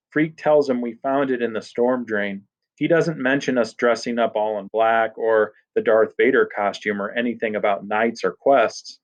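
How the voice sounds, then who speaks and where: An audiobook narrator tells a story in the casual first-person voice of a teenage boy, captured in a dull lo-fi recording. His voice is on the low side, with fairly even intonation and a moderate pace.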